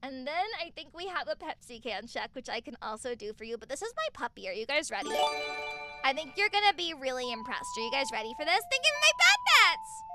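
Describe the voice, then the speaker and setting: Her high voice races along as she streams from home over loud music, talking casually into a desk mic. She's excitable, swears freely, and gushes her thanks to the people watching.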